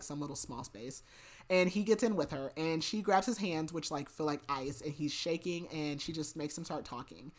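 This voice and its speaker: A woman hosting a podcast, casually retelling a book's plot with lots of "like" and "basically", adding laughing asides. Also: low-pitched. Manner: chatty retelling, heavy use of "like" and "basically". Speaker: podcast host. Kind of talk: casual book recap.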